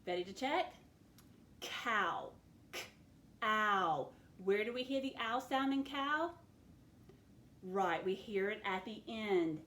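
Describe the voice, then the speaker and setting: A woman teacher leading a recorded phonics lesson, clearly sounding out words and letters for her students. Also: medium pitch, lively intonation, slow pace, long pauses, fairly bright tone, roomy sound. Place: classroom with a board.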